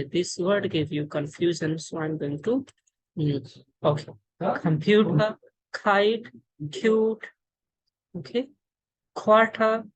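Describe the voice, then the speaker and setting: Captured via screen-share in low quality, a woman's low, slightly mellow and somewhat rough voice explains pronunciation in an online English lesson. She is an Indian teacher with an Indian accent, and her speech is halting, with frequent fillers, restarts and repeated words.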